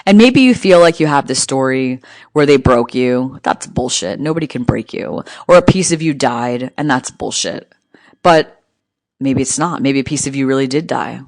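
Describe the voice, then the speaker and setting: A woman's voice: extremely low pitch, expressive, normal speed, darkish tone, no echo. Brief: a blunt, cursing woman speaker giving a pep talk in rhythmic, punchy lines, recorded dry and close. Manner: blunt, profane, emphatic; rhythmic, near-rhyming phrasing. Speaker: motivational speaker. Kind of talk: motivational monologue.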